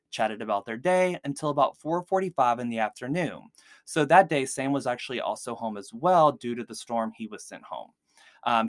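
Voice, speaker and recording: A man's voice: medium pitch, dry recording. A man hosting a podcast, casually telling a true-crime story with lots of "like" fillers. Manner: chatty, heavy use of "like" fillers. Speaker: podcast host.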